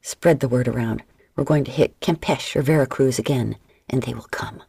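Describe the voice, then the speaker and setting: A woman voicing a lustful, scheming male pirate in a low, breathy, half-whispered voice. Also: moderate pace, warm tone, dry recording.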